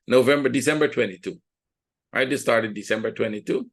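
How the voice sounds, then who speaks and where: A man's voice: mid-range voice, brisk, creaky. A man teaching a trading lesson, walking through charts in a conversational, think-aloud way and often checking in with "right?". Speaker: trading educator. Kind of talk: chart walkthrough.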